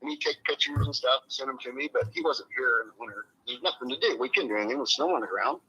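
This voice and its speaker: A man's voice: mid-range voice, animated, fast, sharp tone, highs cut off, a little hiss or hum. A man speaking as an interview guest, blunt and swearing freely, his voice rising when he gets upset. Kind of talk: emotional interview on a live stream.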